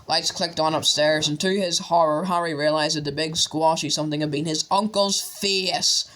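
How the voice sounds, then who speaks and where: A man's voice: fairly high pitch, normal speed. Man narrating an audiobook. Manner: steady storytelling.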